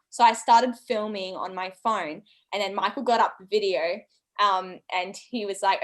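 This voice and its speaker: A woman in her twenties telling a story in a relaxed chat, acting out other people's lines with big jumps in her voice. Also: moderate pace. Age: 20s. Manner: animated, acts out quoted voices with big pitch jumps. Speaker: channel co-host, guest. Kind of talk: casual storytelling.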